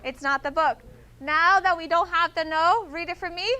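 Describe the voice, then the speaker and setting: Woman, Spanish teacher, high voice, bright tone, patient, repeats "okay?". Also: normal speed. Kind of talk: classroom teaching. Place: classroom.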